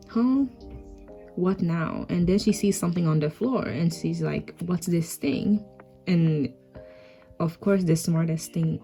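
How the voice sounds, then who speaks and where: A woman's voice: low-pitched, warm tone. A young woman casually commenting on her old comic, laid-back, full of "like" and "I guess".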